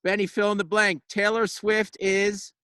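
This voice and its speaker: A man hosting a radio show, chatting loosely and firing off quick questions. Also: high-pitched, flat delivery, pushed and bright, clear, resonant tone, no echo. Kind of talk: casual chat. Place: backyard, outdoors.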